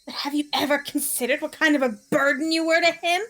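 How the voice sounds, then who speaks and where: A woman's voice: high-pitched, steady tone, fast talker, a bit bright, pitched above the performer's own voice. Woman voicing a cruel, taunting young torturer. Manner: taunting, sneering, laughing. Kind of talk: dramatic reading of a visual novel.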